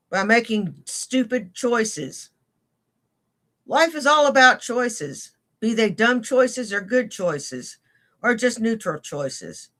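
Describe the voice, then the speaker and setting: A woman's voice: a little high, sing-song, slow, a bit bright. A woman hosting a casual live stream, greeting viewers by name and thanking them for donations, with blunt teasing remarks. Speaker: livestream host.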